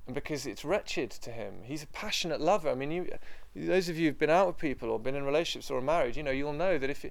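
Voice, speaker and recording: A man with a slightly high, gravelly voice preaches a sermon to a room of listeners. He's fiery and forceful, hammering his points repeatedly, then sinking into quiet prayer.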